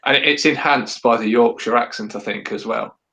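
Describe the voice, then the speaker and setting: A gravelly-voiced man from England chatting on a casual podcast. He talks in a dry, measured way, pausing on ums. His voice sits at a middling pitch. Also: sharp tone, rough recording. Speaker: podcast co-host.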